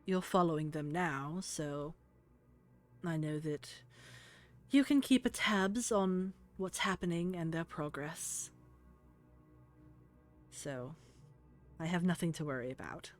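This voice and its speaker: A woman voicing Verbena, a sad, tender female ghost, in a put-on British accent, hushed and breathy. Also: deep voice, expressive, slow, pauses often, faint music behind. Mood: wistful.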